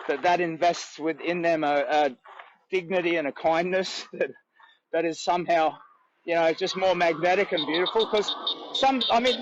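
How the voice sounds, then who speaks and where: A man's voice: a little high, dull audio, slight background noise. An Australian man livestreaming from a roadside on a long charity walk, rambling earnestly and chatting with passers-by. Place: outdoors by a road.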